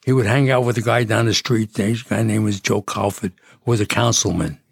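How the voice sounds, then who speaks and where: An older man rambles through stories, restarting his sentences as he goes. His voice sits low, gravelly and husky, recorded close and dry. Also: steady tone, fairly quick, no room sound. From Jersey City, New Jersey. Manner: rambling, with frequent restarts and chuckles. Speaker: guest. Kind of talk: casual storytelling.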